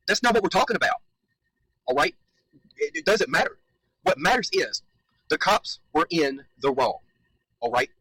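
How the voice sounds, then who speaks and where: Male commentator, fired up and emphatic, a touch higher-pitched, swears freely. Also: expressive, fairly quick, pauses often, sharp tone, no room sound, rough recording. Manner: heated, emphatic, repeats points, swears. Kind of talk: reaction commentary.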